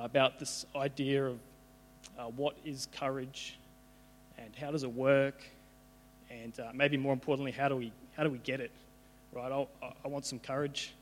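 A young man giving an informal sermon, conversational, often repeating his words as he goes. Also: mid-range voice. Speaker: preacher. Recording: hall reverb with mains hum.

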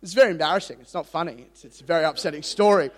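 A young Australian preacher delivers his sermon in an animated, self-deprecating style, often stopping to restart a sentence. His voice sits a little high for a man. A long hall reverb trails after each phrase. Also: racing. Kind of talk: sermon with personal story. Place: church hall.

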